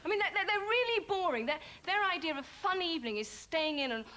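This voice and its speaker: A woman's voice: very high voice, big pitch swings, fast talker. A woman comedy performer in a TV sketch, talking earnestly with stammers and restarts. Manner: earnest, stammering protest turning to jokes. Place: TV studio with live audience. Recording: studio audience and noise.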